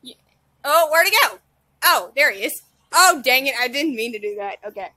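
A woman giving live gameplay commentary, excitable, often squealing and laughing. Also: sits high, normal speed, dry recording. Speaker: gaming channel host.

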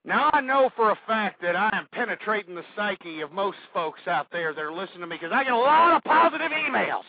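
High-pitched angry ranting man, lo-fi. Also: fast talker, no room sound. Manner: angry ranting, shouting insults. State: out of breath, sweating. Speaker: radio talk show host. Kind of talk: ranting political commentary.

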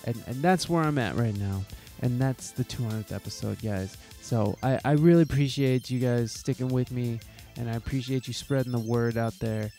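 A man's voice: mid-range voice, normal speed, hardly any pauses, mellow, faint music behind. A man hosting a podcast, giving a heartfelt, profane, rambling monologue full of restarts. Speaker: podcast host.

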